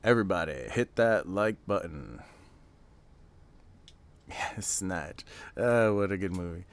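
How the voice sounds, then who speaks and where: American male streamer, low smooth voice, easygoing rambling chat with viewers. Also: animated, slow pace. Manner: rambling, chatty, reads and answers chat aloud. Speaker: streamer hosting a live reveal watch party. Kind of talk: casual live-stream chat.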